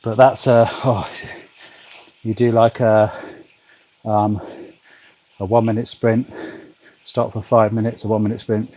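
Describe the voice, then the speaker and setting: A man's voice: on the low side, flat delivery, measured pace, pauses often, warm tone, no room sound, lo-fi sound. A British man chatting casually to his stream while cycling at home on an indoor trainer, rambling with lots of ums and dry humour. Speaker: vlogger cycling on a turbo trainer. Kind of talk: casual chat to a livestream. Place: home, back garden.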